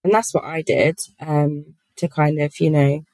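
Guest spot: low-pitched woman, chatty and giggly, dry close-mic sound. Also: steady tone, measured pace, a little mellow, no echo, rough recording. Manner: giggly, chatty, many fillers. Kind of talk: casual podcast chat.

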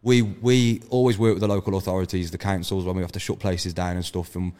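A man with a low voice tells stories at a rapid clip. He is brash and swears freely in casual podcast chat. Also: little pitch movement, warm tone. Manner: brash storytelling, heavy swearing. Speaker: podcast guest, event organiser.

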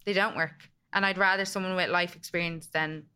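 A woman's voice: lowish voice, steady tone, fairly quick, sharp tone, slight background noise. A woman hosting a podcast in casual chat, frank and emphatic, swearing casually. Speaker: podcast host.

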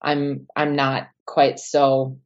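A young woman from Wisconsin with a softened Midwestern American accent, chatting casually with many fillers and laughs. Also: monotone, drawn-out words. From Wisconsin, United States. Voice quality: low-pitched voice. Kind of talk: casual chat. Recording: dull, muffled sound.

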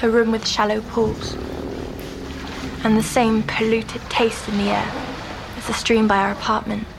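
A fragile, haunted young woman in an audio drama, speaking slowly in a hushed, half-whispered way. Her voice sits fairly high but barely rises or falls, as if held flat by fear. A constant noisy hum runs under the recording. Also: creaky. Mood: urgent recall. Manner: hushed, often whispering, halting. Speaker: patient recounting dreams.

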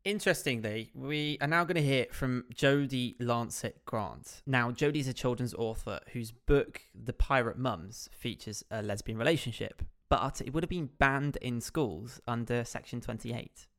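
A man co-hosting a podcast, animated and teasing, who laughs readily. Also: mid-range voice, normal speed, hardly any pauses. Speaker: podcast co-host. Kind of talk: casual chat.

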